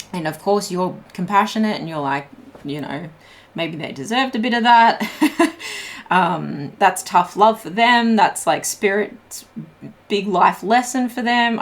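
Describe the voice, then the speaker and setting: A young woman giving a casual tarot reading, chatty and full of fillers, laughing often as she talks. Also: mid-range voice. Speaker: tarot reader.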